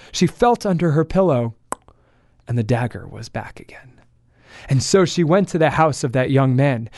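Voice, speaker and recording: Steady male storyteller, dry close mic. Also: fairly high pitch, no room sound. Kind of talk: scripted narration.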